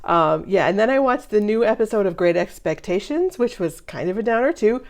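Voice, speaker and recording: A middle-aged woman talks through a movie reaction in a casual, chatty way, laughing often. Her pitch moves around a lot as she reacts. She sounds like a relaxed host speaking to her viewers. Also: brisk.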